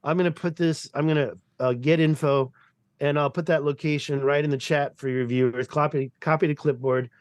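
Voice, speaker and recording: A man from the United States talking in a rambling, excitable way as a podcast guest over a video call, swearing casually. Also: fairly high pitch, a little fast, clean tone, no echo.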